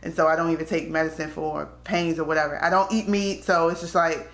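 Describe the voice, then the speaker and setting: Woman vlogger, low-pitched and candid, talking straight to camera in a roomy, echoey space. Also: fairly even intonation, fairly quick, fairly bright tone. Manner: candid, conversational, slips into quoted voices. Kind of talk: casual storytelling to camera. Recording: echoey room.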